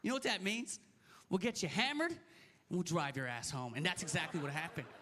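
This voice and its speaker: A man in his thirties doing a stand-up set, ranting in an animated and incredulous way into a handheld stage mic. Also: on the high side, a little fast. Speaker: stand-up comedian. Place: comedy stage.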